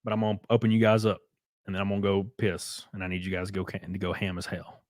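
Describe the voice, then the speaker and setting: A man's voice: sits low, level tone, quick pace, a little mellow, no echo, studio quality. A man hosting a livestream, talking loosely to his chat with plenty of swearing while he sets up guests. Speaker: host.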